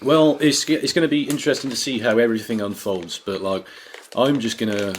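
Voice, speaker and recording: A man's voice: mid-range voice, steady tone, brisk, a little hiss or hum. A man co-hosting a comedy podcast, rambling casually and swearing freely as he laughs along. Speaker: podcast co-host.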